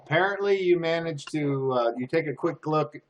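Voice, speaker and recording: A man's voice: on the high side, normal speed, lo-fi sound. A man narrating a tabletop game from home as game master, loose and rambling.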